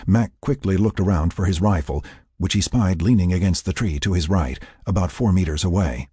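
Male audiobook narrator, deep and husky, dry close sound. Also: fairly quick, no room sound. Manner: expressive storytelling reader. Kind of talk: scripted narration.

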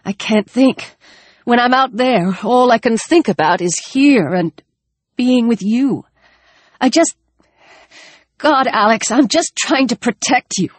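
A woman voicing a tormented young man who speaks in strained, halting pleas. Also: a little high, expressive, no echo, pitched above the performer's own voice. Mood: anguished.

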